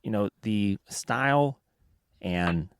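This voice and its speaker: An easygoing Southern man hosts his podcast, winding through long stories. His voice sits a little low and sounds very dry and close. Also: expressive, slow, clean tone, dry recording. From Alabama, USA. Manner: easygoing, rambling storyteller. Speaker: podcast host. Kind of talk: casual podcast chat.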